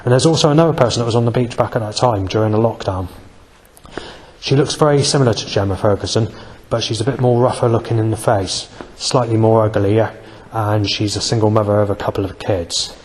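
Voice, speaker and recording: A man speaking in a rambling, aggrieved personal monologue, halting often with fillers. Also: on the low side, a little mellow, in a large hall, slight background noise. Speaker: vlogger.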